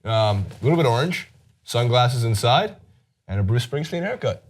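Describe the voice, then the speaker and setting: A man's voice: medium pitch, lively intonation, moderate pace. A man hosting a sports news chat show, talking through a story in a casual, wry way with lots of fillers. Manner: wry, joking delivery with frequent fillers.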